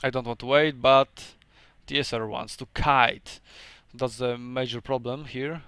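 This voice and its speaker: A man whose first language is Polish talks through a strategy game battle in a casual, halting way, pausing on fillers as he thinks aloud. His voice is smooth and resonant at a middling pitch. The sound is dry and close, with no room echo. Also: steady tone, fairly bright tone. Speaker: game commentator. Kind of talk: casual gameplay commentary.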